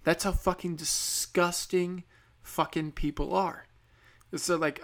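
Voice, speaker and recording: Gravelly man ranting profanely. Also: sits high, fairly even intonation, measured pace, a bit bright. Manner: profane, angry, sarcastic; mocks others in put-on voices. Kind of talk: ranting political commentary.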